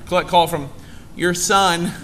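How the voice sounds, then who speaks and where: A man with a high, bright voice preaches to a congregation in an animated, conversational way. He slips into little acted voices for people he quotes. Faint room hum sits behind him. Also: measured pace. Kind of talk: sermon.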